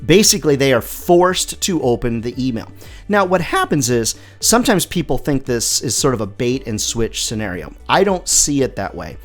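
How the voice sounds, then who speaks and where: A man's voice: mid-range voice, big pitch swings, normal speed, soft background music. A middle-aged man hosting a solo question-and-answer show as a sales coach, chatty and upbeat with friendly asides.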